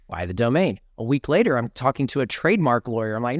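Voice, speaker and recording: A man's voice: mid-range voice, expressive, fast, few pauses, dry recording, studio quality. A man in his forties, a podcast guest telling his story with emphatic, preachy energy and casual slang. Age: 40s. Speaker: podcast guest, author and speaker.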